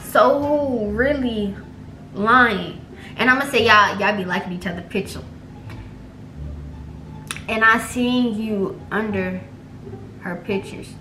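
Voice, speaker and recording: A woman's voice: fairly high pitch, slow pace, long pauses, pushed and bright. A young woman vlogging, chatting animatedly and dramatically to viewers in slangy casual talk while reading her texts aloud. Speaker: vlogger pranking her boyfriend. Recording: echoey room, faint music.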